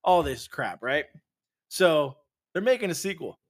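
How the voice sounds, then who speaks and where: A podcast co-host with a slightly high voice speaks at a measured pace, spinning a rowdy story in casual conversation. He's an animated storyteller who swears freely and performs the voices of the people involved.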